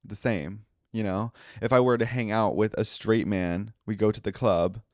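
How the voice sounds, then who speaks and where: A man's voice: fairly low pitch, normal speed, no echo, clean studio sound. Nasal young man, emphatic podcast chat. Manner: emphatic, expressive, with lots of laughing asides. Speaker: podcast host. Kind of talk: casual chat.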